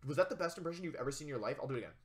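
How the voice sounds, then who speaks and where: A young man giving casual, chatty commentary while playing a video game, excitable with jokey asides. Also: fairly high pitch, rapid-fire. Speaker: let's play gamer.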